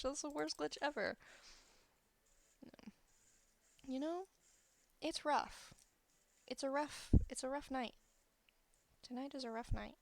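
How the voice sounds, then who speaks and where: A woman's voice: high-pitched, measured pace, vocal fry, long pauses, dry recording. A woman streamer chatting casually and thinking aloud as she builds in a game, correcting herself as she goes, close to the microphone. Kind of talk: casual gameplay commentary.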